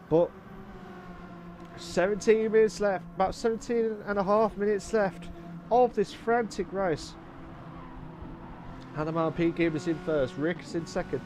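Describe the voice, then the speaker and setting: A man commenting live on a sim race, excitable and repeating phrases, breaking into shouts. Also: high voice, normal speed, slight background noise.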